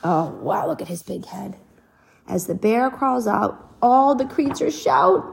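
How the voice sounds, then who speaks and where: A woman reading a picture book aloud to a child, pausing to ask questions about the pictures. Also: a little high, creaky, a little hiss or hum. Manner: animated, asks the child questions. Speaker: reader to a child.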